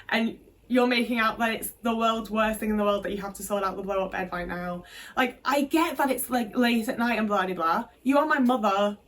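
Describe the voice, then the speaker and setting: A woman's voice: medium pitch, fairly bright tone. Frank woman, slightly distant mic. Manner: frank, emotional storytelling with many fillers and swearing. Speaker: vlogger. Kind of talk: candid personal vlog.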